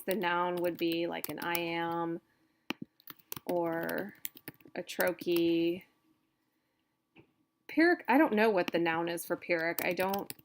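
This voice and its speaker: A woman instructor giving a recorded lecture, talking haltingly with many fillers and self-corrections. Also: on the low side, gravelly, a bit bright.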